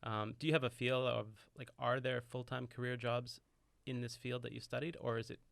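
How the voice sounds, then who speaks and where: Male podcast host, mid pitch, gravelly, asks long questions. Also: flat delivery, fairly quick, a bit bright, dry recording. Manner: curious, long rambling questions. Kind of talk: casual podcast interview.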